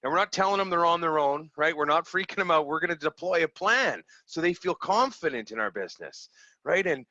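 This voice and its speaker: A man, a small business owner from Canada, telling stories in a casual, animated way and acting out the people he quotes. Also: a little high, a little fast, no room sound, highs cut off. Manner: animated, acts out quoted people, laughs easily. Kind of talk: casual storytelling over video call.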